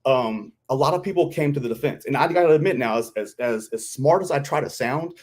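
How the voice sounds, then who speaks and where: A veteran from Kentucky, chatting on a live stream and acting out what people said. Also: male voice, mid-range voice, fairly quick. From Kentucky, US South. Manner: animated storyteller, acts out quotes. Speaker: guest, veteran. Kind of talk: casual live-stream chat.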